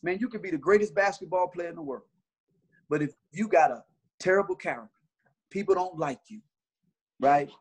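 Husky-voiced male basketball trainer. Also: high-pitched, fairly quick, long pauses, darkish tone. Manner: earnest storyteller with many repeated restarts. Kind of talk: casual interview talk.

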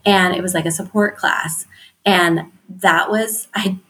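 A woman's voice: lowish voice, steady tone, unhurried, fairly bright tone. A woman who is an author and teacher, a podcast guest who talks in a bubbly way, laughs often and says "like" a lot. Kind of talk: casual interview chat.

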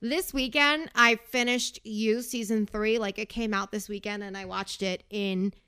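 A woman's voice: medium pitch, fairly even intonation, measured pace, pushed and bright, smooth. A young woman hosting a casual podcast, chatty and sarcastic, going off on tangents while recapping a reality show. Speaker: podcast host.

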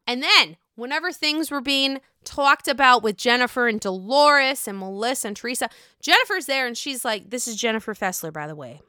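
Young woman, gossipy recap, swears a lot, crisp smooth voice, slightly high. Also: brisk, few pauses, no room sound, studio quality. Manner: animated, gossipy, heavy swearing. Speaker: reality TV recapper. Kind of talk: casual recap chat.

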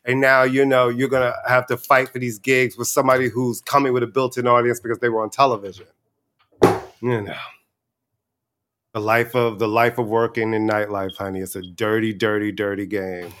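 A man co-hosting a podcast, chatting casually and ranting in a campy, animated way. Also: mid-range voice, moderate pace, a little hiss or hum. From New York. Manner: animated, campy, rants about sports. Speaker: podcast co-host. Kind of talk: casual chat.

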